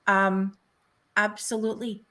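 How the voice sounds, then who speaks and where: A woman hosting a podcast, speaking in a measured way with some hesitation. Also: mid-range voice, little pitch movement, a bit bright. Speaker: podcast host. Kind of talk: casual conversation.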